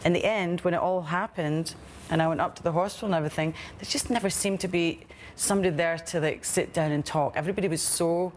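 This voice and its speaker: A woman who was a patient, telling her story in an interview in a chatty, animated way, with many fillers. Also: on the low side, quick pace, slight background noise. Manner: chatty and animated, acting out the people she quotes. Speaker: former patient.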